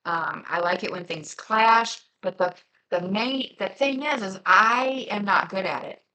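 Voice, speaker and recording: This journaling crafter speaks in a mid-range voice, a bit slowly, with a bright, forceful tone, though the audio is poor. Hailing from close to Cincinnati across the Ohio border, she rambles chattily with a faint Southern twang and plenty of fillers during her laid-back crafting vlog.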